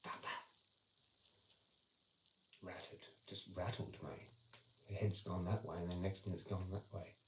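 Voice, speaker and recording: A man's voice: low voice, flat delivery, unhurried, pauses often. A man chatting casually on a livestream, rambling, swearing and making sound effects as he talks. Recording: echoey room with loud background noise.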